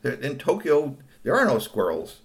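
Guy doing a confused earnest dude in a kids story, bit louder than his narrating. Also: medium pitch, huge pitch swings, normal speed, vocal fry, pitched above the performer's own voice. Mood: puzzled. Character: puzzled young man new to the country.

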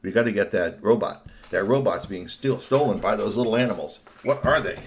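A man's voice: lowish voice, a little fast, lightly acted. A man voicing an earnest, puzzled young man in a children's story.

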